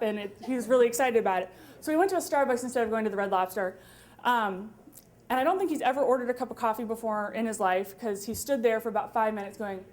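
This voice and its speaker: A woman in her twenties telling a wry, funny story live on stage at a story slam, with quick asides and laughter. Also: fairly high pitch. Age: 20s.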